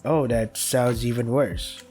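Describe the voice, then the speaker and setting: A friendly young protagonist talks casually and cracks self-conscious jokes, as a man reads the part aloud in a visual novel playthrough. The voice sits at an ordinary middle pitch. Faint music plays behind it. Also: fairly even intonation, slow pace, darkish tone, lightly acted.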